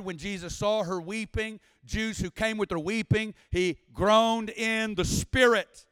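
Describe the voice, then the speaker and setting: Male preacher, high voice, dry close sound, rising to shouted, sung-out climaxes. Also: fairly even intonation, a little slow, few pauses, clean tone, no echo, in a large hall. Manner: impassioned, builds to shouting and sing-song preaching. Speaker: guest preacher. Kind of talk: sermon. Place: church service.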